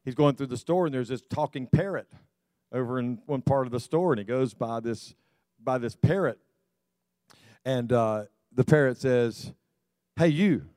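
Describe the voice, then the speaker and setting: A man's voice: mid-range voice, moderate pace, darkish tone, dry recording. A pastor preaching a sermon, telling folksy stories and often repeating words as he restarts. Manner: repetitive restarts, folksy storytelling.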